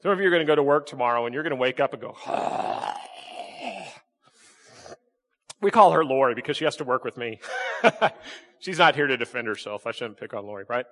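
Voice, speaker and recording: A man preaching a sermon as pastor, folksy and talking to the congregation, with sudden jumps into high acted-out voices. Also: animated, fast talker, fairly bright tone. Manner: folksy, acts out voices with big pitch jumps. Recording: echoey hall reverb.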